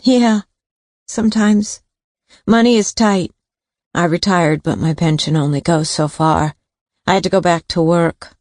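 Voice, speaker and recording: A woman's voice: fairly low pitch, unhurried, long pauses, a little mellow, no echo, clean studio sound, natural voice. A woman voicing an older retired nurse who talks in a hesitant, confiding way, in an audiobook.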